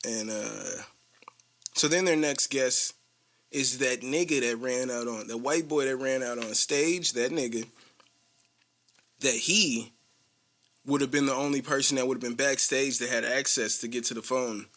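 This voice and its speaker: A man's voice: medium pitch, a little slow, a bit bright. A man hosting a podcast, casually retelling a TV episode in a rambling way and acting out the characters' lines. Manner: rambling, acts out quoted lines, laughs often. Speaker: podcast host.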